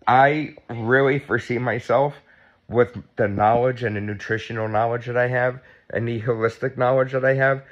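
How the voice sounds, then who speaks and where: Man, 50s, casual home vlog, fairly low voice, sore after surgery, frank and profane, slightly muffled lo-fi audio. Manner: blunt, chatty, swears freely. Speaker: vlogger. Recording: dull lo-fi sound.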